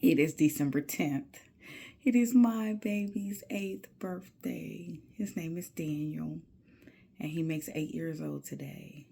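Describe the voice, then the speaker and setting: A woman talking to her camera in a personal video journal, slow and reflective, often dropping into soft near-whispered asides between casual fillers. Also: deep voice, vocal fry, slightly rough. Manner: casual, with many fillers and spiritual musing. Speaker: video diarist.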